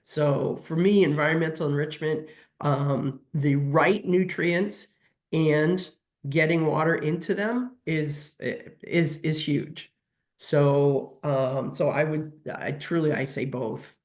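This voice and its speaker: A woman's voice: low-pitched, steady tone, takes it slowly, a little mellow. A woman who works as a veterinary nutrition technician, answering audience questions in a webinar, hesitant with many fillers and restarts.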